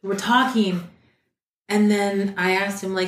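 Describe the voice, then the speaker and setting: A woman from Texas, a guest on a chat podcast, telling a story in a lively way and acting out the quoted lines in raised voices. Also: mid-range voice, moderate pace. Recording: echoey room.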